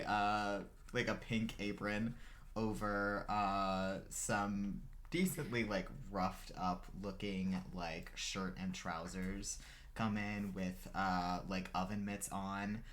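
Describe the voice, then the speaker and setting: A man's voice: lowish voice, little pitch movement, slow, fairly bright tone. A man narrating a tabletop role-playing game as game master, loose and filler-heavy.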